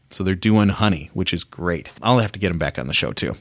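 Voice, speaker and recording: A man's voice: low-pitched, animated, a little fast, few pauses, no room sound, clean studio sound. A man hosting a casual solo podcast, talking conversationally and asking his listeners rhetorical questions. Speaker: podcast host.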